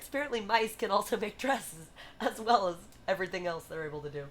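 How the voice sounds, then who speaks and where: A woman hosting a livestream, chatty and animated as she retells a story to her viewers. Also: medium pitch, fast talker, faint music behind. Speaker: livestream host. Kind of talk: casual retelling and performing for a live chat.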